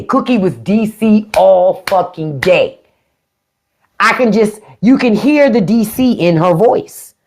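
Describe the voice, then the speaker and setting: A middle-aged woman with a DC-area accent, hosting a casual live stream and talking bluntly with plenty of swearing. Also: mid-range voice. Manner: blunt, profane, animated. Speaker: podcast host. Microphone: phone or desk mic on a live stream.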